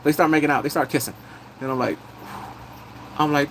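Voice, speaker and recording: A man's voice: mid-range voice, fast talker, long pauses, fairly bright tone, a little hiss or hum, poor audio. A man live-streaming a casual drama recap, chatting loosely, thanking viewers as he goes and breaking into big squealing reactions.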